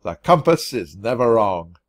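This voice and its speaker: A man reading a children's storybook aloud and voicing a gruff, bossy male rat forest ranger who barks orders like an army general. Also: mid-range voice, sing-song, a little slow, voice pushed down. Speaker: storybook reader.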